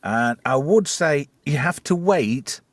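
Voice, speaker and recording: A man's voice: fairly high pitch, expressive, takes it slowly, dry recording. A man hosting a casual, crude chat show, riffing bawdy jokes and laughing a lot. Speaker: podcast host.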